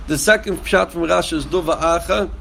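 Male Torah teacher, gravelly voice, quotes and translates texts, presses with rhetorical questions. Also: fairly high pitch, brisk, a bit bright, a little hiss or hum. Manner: quotes verses and commentary, then translates them; rhetorical questions, repeats phrases for emphasis. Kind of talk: Torah lesson on Genesis.

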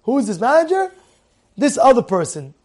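Man, very high voice, Torah class teacher, animated storyteller, repeats phrases. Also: normal speed.

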